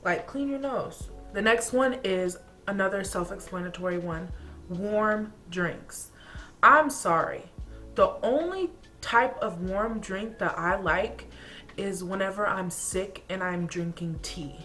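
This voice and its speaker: A woman's voice: medium pitch, slow, fairly bright tone, soft background music. A young woman from Atlanta, Georgia, vlogging in a casual, chatty way, ranting about things that annoy her, full of laughs and filler words. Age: young adult. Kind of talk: casual chat.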